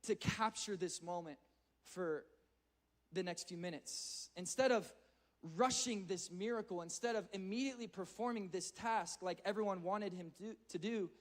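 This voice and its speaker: A man's voice: sits high, normal speed. A man giving an earnest, conversational sermon to a youth audience, often repeating words as he speeds up. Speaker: youth speaker.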